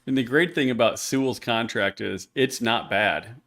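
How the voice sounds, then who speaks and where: A man's voice: mid-range voice, moderate pace, fairly bright tone. A man co-hosting a podcast in casual chat, joking and speeding up when he gets going. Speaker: podcast co-host.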